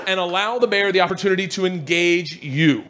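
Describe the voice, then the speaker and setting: A man, a stand-up comedian, animatedly telling a story to a live audience and acting out the other people's voices, shouting at the peaks. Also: high-pitched, fairly quick, over a noisy crowd. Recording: live stage recording with loud audience laughter. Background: audience laughter and noise.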